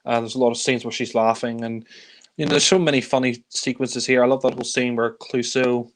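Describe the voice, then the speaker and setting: A man's voice: mid-range voice, little pitch movement, fairly quick. A man casually reviewing films, rambling through scenes with lots of fillers and frequent chuckles. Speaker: film reviewer. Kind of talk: casual film review chat.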